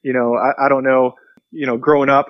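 A pastor being interviewed, telling a long story earnestly and acting out the quotes. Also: male voice, mid-range voice, little pitch movement, brisk, dry recording, dull audio.

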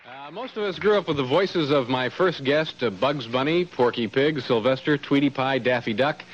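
A man hosting a talk show who asks his questions haltingly, full of fillers. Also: medium pitch, muffled recording, a faint crowd, a little hiss or hum.

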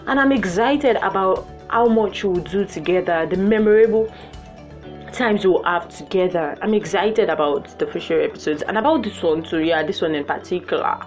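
A young woman hosting her own podcast in a playful, animated way, jumping to high excited exclamations. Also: moderate pace. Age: young adult. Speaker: podcast host. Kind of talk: casual solo podcast chat. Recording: muffled lo-fi with faint music.

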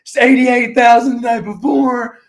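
A man imitating a boastful male wrestling executive who shouts out attendance records in a drawn-out way. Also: very high voice, fairly even intonation, voice pushed up. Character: loud boastful male wrestling boss bragging about records.

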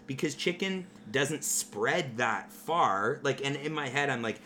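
A man, hosting a podcast and telling a profane, animated story in casual talk. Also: medium pitch, measured pace, hardly any pauses, slight background noise. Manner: profane, animated anecdote teller. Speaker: podcast host.

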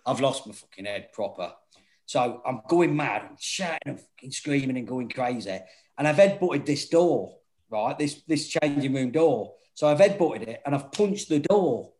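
In casual chat, a middle-aged man with a mid-range voice spins rowdy stories at a moderate pace. Frequent laughter, free swearing and animated delivery mark his storytelling.

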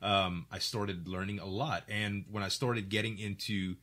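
A middle-aged man talks shop on a casual podcast, speaking in a clear, articulate way. His voice sits a little low but has a bright, forceful edge. He tells stories with energy, slipping into voices for the people he quotes. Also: fairly even intonation, measured pace. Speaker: podcast host.

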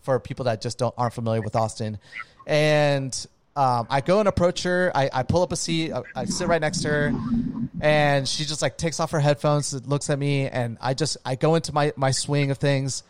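A man's voice: fairly high pitch, moderate pace, clean tone, dry recording. Casual man, dry close sound. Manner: rambling, says "dude" and "like" often, swears casually. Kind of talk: casual chat.

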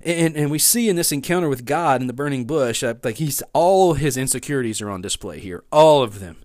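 A man's voice: medium pitch, lively intonation, a little fast, a little mellow, no echo, clean studio sound. A man preaching a sermon, reading scripture aloud with expression and talking to his listeners in an easy, conversational way. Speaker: pastor.

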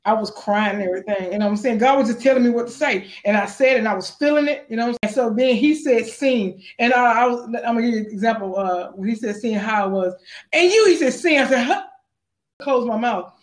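An actress being interviewed, telling stories in a lively, animated way and acting out the voices of the people she quotes. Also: fast. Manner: acts out quotes with big pitch jumps. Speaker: actress guest. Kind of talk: animated storytelling.

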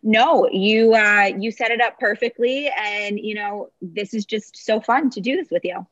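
A woman's voice: mid-range voice, unhurried, fairly bright tone, no room sound. Upbeat late-20s woman guest on a call, dry muffled audio, mid voice. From Boston area, US. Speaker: podcast guest, marketing director. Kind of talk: casual interview chat. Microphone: remote call.

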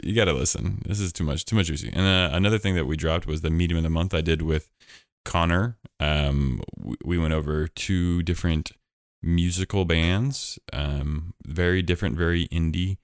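A man's voice: low-pitched, normal speed, hardly any pauses, no room sound, studio quality. A man hosting a podcast, chatting casually in a rambling, jokey way with lots of fillers. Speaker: podcast host.

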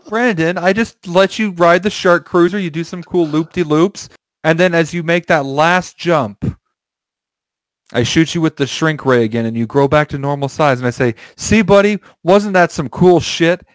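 A man's voice: on the high side, moderate pace, no room sound. A young man telling an improvised comic story to friends, rambling, playful and laughing often. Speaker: podcast co-host telling a story. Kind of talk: casual comedic chat, improvised storytelling.

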